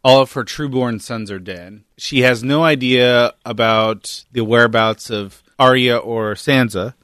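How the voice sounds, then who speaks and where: A man co-hosting a podcast, offering thoughtful points in a measured, casual way. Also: mid-range voice, fairly bright tone, clean tone, no echo, clean studio sound. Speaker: podcast co-host. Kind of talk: casual discussion.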